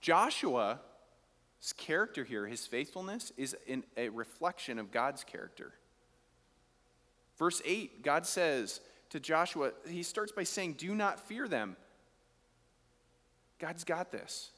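A man preaching a sermon, reading scripture and explaining it, swinging from quiet asides to near-shouted emphasis. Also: a little high, lively intonation, measured pace. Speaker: pastor. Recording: long hall reverb.

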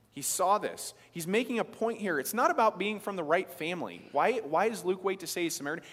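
A man's voice: high-pitched, a bit bright. A man, preaching a sermon in an emphatic, conversational way with frequent restarts. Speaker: pastor. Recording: long reverb of a large hall.

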